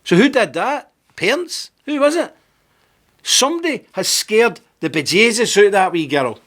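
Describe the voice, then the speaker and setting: A man's voice: sits high, sing-song, normal speed, fairly bright tone. A man delivering indignant, sarcastic video commentary.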